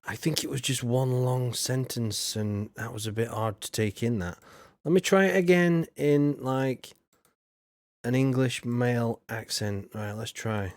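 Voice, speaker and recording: Young adult man, live streamer, easygoing chatter, thinks aloud, chuckles, unhurried pace, dry close sound. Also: medium pitch, dry recording. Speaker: streamer reading out viewer donations. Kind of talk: casual live-stream chat.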